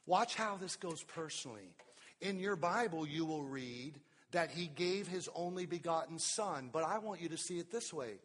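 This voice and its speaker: A middle-aged man preaching a sermon as pastor, swinging from soft drawn-out words to loud emphatic bursts. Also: a little high, lively intonation, breathy edge. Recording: long hall reverb.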